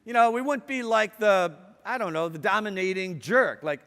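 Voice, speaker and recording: A middle-aged man giving a lively talk to students, chatty and playful, asking the audience questions and telling stories. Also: high-pitched, normal speed, gravelly, few pauses. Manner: conversational and playful, asks the audience questions, acts out quotes. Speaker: speaker addressing students. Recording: long hall reverb.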